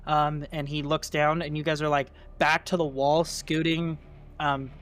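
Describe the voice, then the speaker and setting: A man's voice: a little high, flat delivery, unhurried, fairly bright tone, a little hiss or hum. A man narrating a tabletop game as game master, in a casual style full of fillers. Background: faint music.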